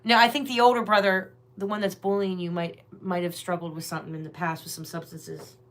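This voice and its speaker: A woman's voice: fairly low pitch, level tone, fairly quick, fairly bright tone. A woman hosting a live tarot reading stream, chatting casually and talking straight to her viewers. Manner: chatty, rambling, talks directly to viewers. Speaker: tarot reader, livestream host.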